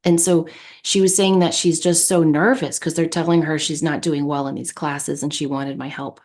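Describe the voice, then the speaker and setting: A woman co-host tells a personal story in relaxed, animated conversation. Her voice sits on the low side, and she talks in an anecdotal way with easy laughter. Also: moderate pace. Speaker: podcast co-host. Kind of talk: casual storytelling chat.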